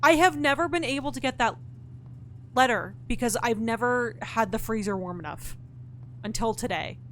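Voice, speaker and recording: A woman's voice: a little high, moderate pace, a little hiss or hum. A woman streaming a puzzle game, thinking aloud, talking back to her chat and to the game's characters, and swearing in frustration. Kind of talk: live-streamed gameplay chat.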